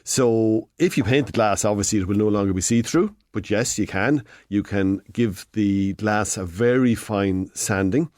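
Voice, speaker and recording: A man's voice: fairly low pitch, normal speed, hardly any pauses, a little mellow, no room sound, studio quality. Sixty-year-old Irish man, radio handyman. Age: 60s. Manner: rambling, self-correcting explanations. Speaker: hardware expert guest. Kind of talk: radio advice chat. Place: radio studio. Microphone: studio mic.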